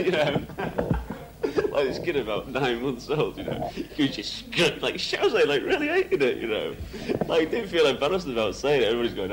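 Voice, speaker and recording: An Englishman, a musician, rambles through anecdotes in an archival interview, laughing and saying "you know" a lot. His voice is medium-pitched, expressive and fairly quick, with background noise behind it.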